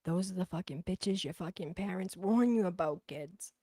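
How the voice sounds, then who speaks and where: This livestream host is a woman from Boston, USA, whose thick local accent comes through as she reads comments aloud and talks in a blunt, profane way. She speaks at a normal pace in a low-leaning, dark-toned voice, and there's no echo.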